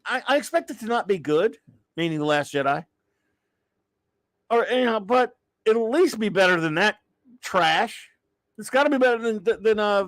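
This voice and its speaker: A middle-aged man with a high-pitched voice hosts a casual live-stream show, ranting with exasperated sighs, rambling restarts and remarks that trail off. There's no echo in the audio.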